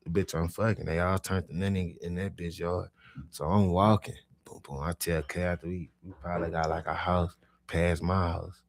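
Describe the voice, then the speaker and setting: A young man telling a profane street story in casual talk, swinging between low mutters and loud animated bursts. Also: moderate pace, gravelly, no echo. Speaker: podcast storyteller.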